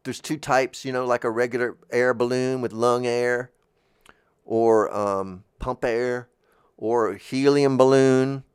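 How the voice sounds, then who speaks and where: A man hosting a show, talking in a gentle, meandering monologue and often searching for his words. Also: medium pitch, fairly even intonation, slow, smooth, no room sound, studio quality. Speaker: host.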